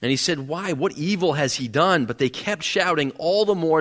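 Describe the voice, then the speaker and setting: A man delivering a sermon in a church sanctuary, his voice sitting a little high for a man. He speaks earnestly and often repeats words as he builds toward a point. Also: lively intonation, brisk, few pauses, fairly bright tone. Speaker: pastor.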